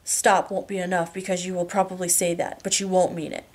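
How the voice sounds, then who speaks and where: A woman's voice: level tone, brisk, lightly acted. Woman murmuring as an intense, commanding young husband. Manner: low, hushed murmur.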